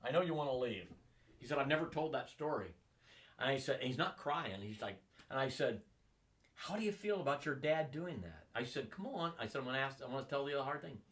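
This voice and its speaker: Heard from a distance, a sixty-something man being interviewed talks briskly in a mid-range voice. He wanders through lengthy stories from his life, animatedly performing the voices of those he quotes.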